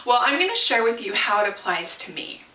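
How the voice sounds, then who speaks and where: Woman, casual Bible lesson, chatty with rhetorical questions, high bright voice, roomy room, from a distance. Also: very animated, fairly quick. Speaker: Bible teacher.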